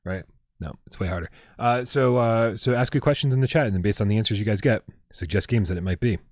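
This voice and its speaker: Excitable, foul-mouthed man co-hosting. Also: on the low side, fast, dry recording, clean studio sound. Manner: excitable, swears freely, animated storytelling. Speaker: podcast co-host. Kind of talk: casual livestream chat.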